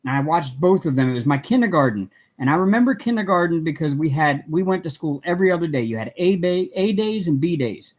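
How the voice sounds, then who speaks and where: A man's voice: on the high side, expressive, a little fast, few pauses. A middle-aged man hosting a casual craft livestream from home, chatting with viewers, greeting them by name and laughing often. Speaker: livestream host.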